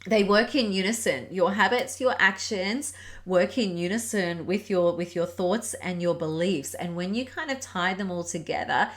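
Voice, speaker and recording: A middle-aged woman talks on her own in a reflective podcast, gentle and earnest as she encourages her listeners. Her voice sits a little low for a woman, and she speaks like a Pilates and yoga teacher guiding a class. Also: normal speed. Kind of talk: reflective solo podcast talk.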